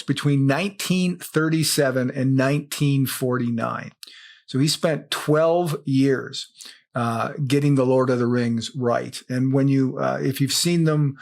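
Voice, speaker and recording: A man with an American Midwestern accent, co-hosting a podcast in a chatty, playful way and speaking to listeners. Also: mid-range voice. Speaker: podcast co-host. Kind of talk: conversational podcast interview.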